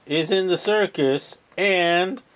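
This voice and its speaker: A man's voice: sits high, slow, a bit bright. A man casually retelling a film plot, rambling with lots of ums and uhs and the odd swear word. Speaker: vlogger.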